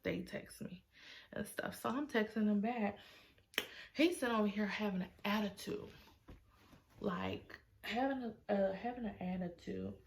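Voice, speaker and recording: A woman, talking in an animated, sassy way as she retells an argument. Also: mid-range voice, unhurried, creaky, slight background noise. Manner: animated, acts out quotes in a sassy tone. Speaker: storytime vlogger. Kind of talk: casual storytime vlog.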